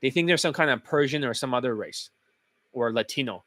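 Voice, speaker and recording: A man's voice: mid-range voice, a little fast, sharp tone, no room sound. A man who coaches dating, talking in a blunt, profane, casual monologue.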